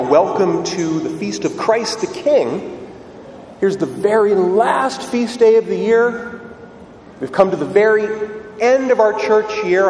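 A man, a priest reading the gospel and preaching a homily in a lively, conversational way. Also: a little high, slight background noise. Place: church. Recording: echoey church from far off.

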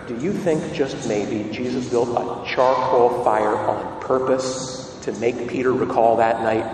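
A man's voice: medium pitch, a little mellow, a little hiss or hum. Man preaching in an echoey church. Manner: dramatic storytelling with rhetorical questions. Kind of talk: sermon. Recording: echoey hall, distant mic, faint ambience.

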